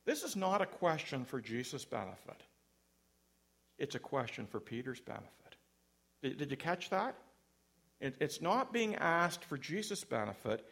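Man, preacher, sermon, conversational, wry humor, gravelly, slightly high voice. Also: very animated, moderate pace, a bit bright. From Canada. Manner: conversational, self-deprecating humor. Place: church.

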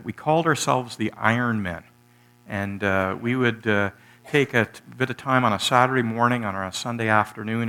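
A middle-aged male pastor delivering a sermon in a bright, forward voice. He tells the story in a relaxed way, with "uh" fillers and restarts. Then he rises to emphatic, energetic peaks. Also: on the low side.

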